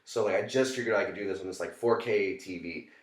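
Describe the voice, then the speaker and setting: A man's voice: low voice, quick pace. A young man hosting a podcast, tipsy, rambling and laughing, swearing and calling his guest "bro". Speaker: podcast host. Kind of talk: casual drunk chat. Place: small apartment. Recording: echoey apartment room.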